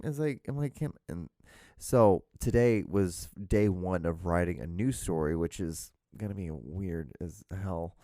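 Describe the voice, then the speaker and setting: A man talks through a casual solo podcast in a low, mellow voice. He rambles, cuts himself off and starts over, and drops a swear word now and then. The sound is dry and close, with no room echo. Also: unhurried. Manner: rambling, self-interrupting, with frequent restarts and swearing. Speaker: podcast host. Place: small room at home. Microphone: podcast microphone.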